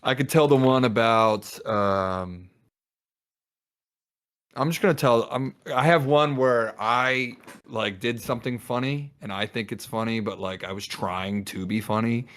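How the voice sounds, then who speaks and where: A man's voice: medium pitch, a little slow. A young man on a podcast, telling a rambling story in casual chat with friends and acting out the voices in it. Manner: rambling, animated, acts out quoted voices. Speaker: podcast co-host.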